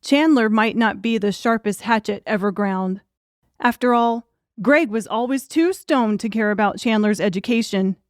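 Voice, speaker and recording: A woman reads a darkly comic audiobook with wry, crude timing. Her voice sits a bit high and the recording is dry and close, with no room sound. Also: moderate pace, dry recording. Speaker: audiobook narrator. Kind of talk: scripted audiobook narration.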